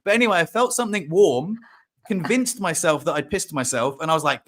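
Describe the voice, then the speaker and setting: Animated man, casual co-host. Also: fairly high pitch, brisk. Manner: animated storyteller who acts out his own panic. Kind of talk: casual chat.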